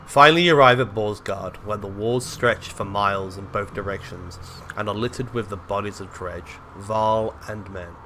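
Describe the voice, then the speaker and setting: Guy streaming a game, bright forceful voice, kinda low, reads the story then gets hyped, faint hiss behind. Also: normal speed. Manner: excitable, swears when surprised. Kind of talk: reading game text aloud between casual reactions.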